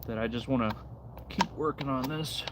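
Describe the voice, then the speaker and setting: A man's voice: mid-range voice, moderate pace, noisy background. Laid-back man chatting on a livestream. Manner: laid-back, reads and answers chat while carving. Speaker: livestream host. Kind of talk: casual livestream chat. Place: outdoors in the cold.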